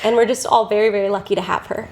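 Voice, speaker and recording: A woman's voice: mid-range voice, steady tone, rapid-fire, a crowd in the background. A young adult woman co-hosting a podcast, opening the episode in an enthusiastic way and laughing easily. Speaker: podcast co-host. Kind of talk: podcast introduction.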